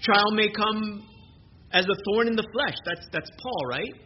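This sermon comes from a man whose voice is high and whose pace is measured; he preaches earnestly and often repeats words when restarting sentences. Background noise runs through the muffled, lo-fi recording.

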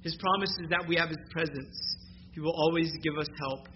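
A man's voice: fairly high pitch, steady tone, brisk. A man preaching a sermon as a pastor, emphatic and rising on key phrases. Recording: muffled recording with clear background noise.

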